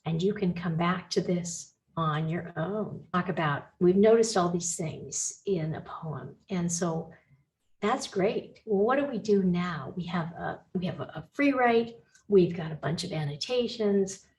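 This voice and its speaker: A woman instructor talking through slides in a recorded lecture, thinking aloud with small restarts and gently reassuring her students. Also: lowish voice, measured pace.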